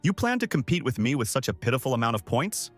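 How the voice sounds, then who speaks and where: A man's voice: medium pitch, very animated, fast talker, soft background music, pitched above the performer's own voice. A man voicing an arrogant long-haired young rival who talks in a mocking, sneering way.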